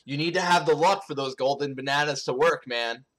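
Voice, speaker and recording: A man co-casting a live game stream in a relaxed, ribbing way. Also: on the high side, brisk. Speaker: esports co-caster.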